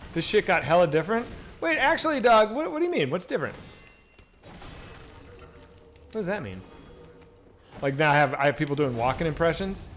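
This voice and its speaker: A man with a mid-range voice streams a video game, chatting casually and animatedly with viewers and answering them as he plays. He swears freely throughout this live commentary, and there's a little hiss or hum on the audio.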